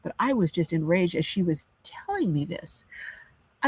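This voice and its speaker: A woman's voice: fairly low pitch, animated, moderate pace, a little mellow, slightly rough, no echo. An older woman hosting a live chat, ranting with indignation and reading out viewer comments. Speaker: livestream host. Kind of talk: casual livestream chat.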